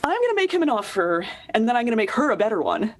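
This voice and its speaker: A woman's voice: a little high, very animated, rapid-fire, slight background noise. A woman improv performer taking chatty turns in a live comedy game.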